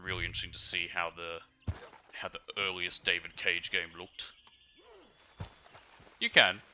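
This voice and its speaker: A man's voice: deep voice, level tone, unhurried, pushed and bright, slight background noise. A man with an Australian accent, chatting casually while playing a video game on stream. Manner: chatty and rambling.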